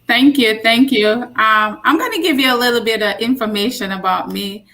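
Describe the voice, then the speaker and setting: A woman in her forties from Jamaica, a nurse practitioner giving a casual health talk, telling stories with emphatic repeats. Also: on the high side. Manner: slow, warm storytelling with emphatic repeats. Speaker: guest speaker, nurse practitioner.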